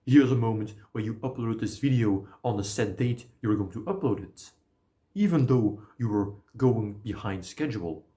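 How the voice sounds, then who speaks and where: A man's voice: fairly low pitch, lively intonation, moderate pace, mellow, close to an everyday voice. A man voicing a polite, formal male bank teller in a put-on British accent. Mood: courteous. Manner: courteous, fancy.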